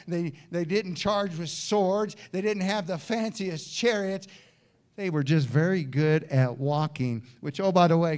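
A man with a fairly high voice preaches from the pulpit. He moves between hushed, intimate asides and loud, ringing peaks. His delivery stays lively and emphatic throughout. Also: clean tone. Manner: animated preaching, swinging from soft asides to shouting. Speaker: pastor. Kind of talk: sermon. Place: church sanctuary.

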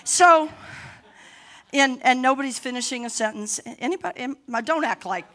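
A middle-aged woman pastor preaching a sermon boldly, rising to shouts between laughing asides. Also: high-pitched, lively intonation, normal speed.

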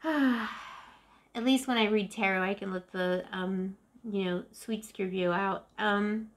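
A woman's voice: mid-range voice, fairly even intonation, slow pace. A woman in her forties doing a casual tarot reading to camera, chatty and emotive, often calling the viewer "boo-boo". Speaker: tarot reader.

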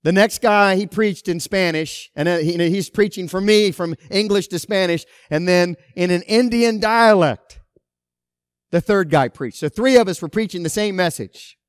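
A man pastor preaching a sermon, emphatic, with loud stresses and quiet asides. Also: sits high, normal speed, clear, resonant tone, dry recording, studio quality.

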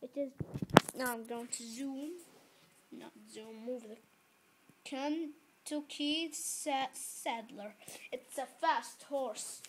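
High voice, slow halting speech, repeats words, yells at game animals, phone recording. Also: slight background noise. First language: Arabic. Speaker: gameplay video maker. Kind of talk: casual gameplay commentary. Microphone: phone camera held between the knees.

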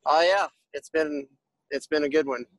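A man who is a guest on a casual podcast, talking in a relaxed way with many hesitant pauses. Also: on the high side, dry recording, low-quality recording.

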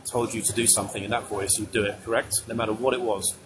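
A man's voice: on the low side, flat delivery, fast talker, a little hiss or hum, poor audio. Joking male tour guide outdoors. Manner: joking, chatty, addresses the crowd. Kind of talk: live walking-tour commentary. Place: outdoors at a ceremony. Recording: outdoor crowd ambience.

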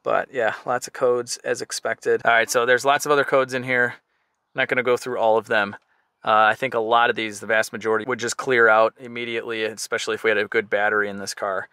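A man's voice: medium pitch, flat delivery, brisk, sharp tone, clean tone, dry recording. A man giving casual, chatty commentary as he walks around and inspects a car, thinking aloud as he goes. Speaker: car flipper vlogger.

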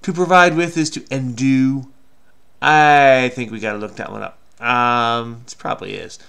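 A man with a gravelly, mid-pitched voice hosts a crossword video and talks his way through the solve. He rambles and mocks himself as he goes, in casual chatter recorded on a desk mic at home. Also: fairly even intonation, measured pace, a bit bright. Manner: rambling, self-mocking, chatty. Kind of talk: casual solo commentary while solving.

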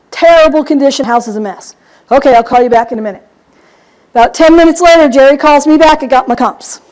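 A woman's voice: high-pitched, darkish tone, rough recording. A middle-aged woman teaching a real estate seminar, telling a story with energy and acting out both sides of each conversation. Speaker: real estate investing trainer. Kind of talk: seminar talk to a live audience.

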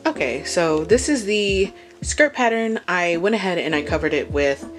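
A woman with a notably low voice walks through a sewing how-to in a relaxed, chatty way. She thinks aloud and restarts her sentences, and clearly audible mellow music plays under her talk. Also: moderate pace. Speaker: sewing vlogger. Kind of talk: casual how-to explanation. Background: chill background music.

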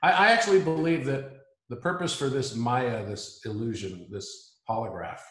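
A man talks earnestly as an interview guest in a reflective conversation. He often restarts and repeats words as he thinks aloud. His voice sits at a mid pitch and carries a roomy echo. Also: normal speed, fairly bright tone.

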